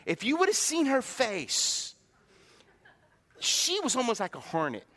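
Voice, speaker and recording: A middle-aged man preaches a folksy, joking sermon. His voice sits high and bright and swings widely as he acts out the lines of people he quotes. A long hall reverb hangs behind every word. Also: huge pitch swings, a little slow. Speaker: pastor. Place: church sanctuary.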